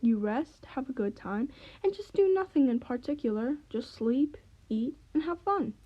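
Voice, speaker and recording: A chatty, bossy magpie teacher from a storybook, as a woman puts her on. Her voice sits high and bright, full of eager self-importance, and the recording sounds a little dull. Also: lively intonation, moderate pace, breathy edge. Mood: bossy chirpy.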